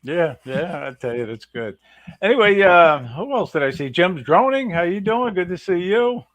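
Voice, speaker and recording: A man's voice: sits high, big pitch swings, moderate pace, a bit bright, no echo. A man co-hosting a livestream, greeting viewers one after another in an upbeat way. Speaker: co-host. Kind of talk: casual livestream chat.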